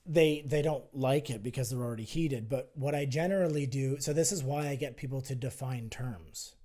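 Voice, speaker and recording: Mellow-voiced man arguing his point. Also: mid-range voice, moderate pace. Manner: animated, persuasive, acts out both sides of arguments. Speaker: guest, health and fitness entrepreneur. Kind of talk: casual podcast conversation.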